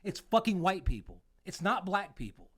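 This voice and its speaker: A man from the United States co-hosting a casual podcast chat, telling stories with lots of swearing and sudden jumps in pitch and loudness. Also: normal speed. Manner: profane, animated storytelling with swings in pitch and loudness. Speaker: podcast co-host, veteran.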